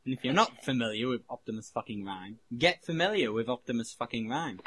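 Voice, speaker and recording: A man's voice: medium pitch, fairly quick, a bit bright, slight background noise, rough recording. A man co-hosting a podcast in casual chat, rambling and cutting himself off, swearing freely. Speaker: podcast co-host.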